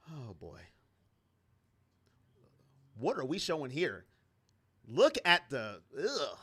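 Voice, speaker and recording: A man's voice: mid-range voice, wildly swooping pitch, slow pace, pauses often, fairly bright tone, slightly rough. A man giving casual play-by-play and reactions to a football game as a fan commentator, sarcastic and exasperated.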